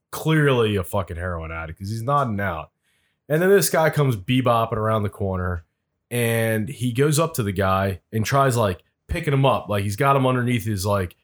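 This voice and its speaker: A man telling casual, profane stories about late-night city work on a podcast. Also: on the low side. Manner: profane, laid-back anecdotes. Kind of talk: casual storytelling chat.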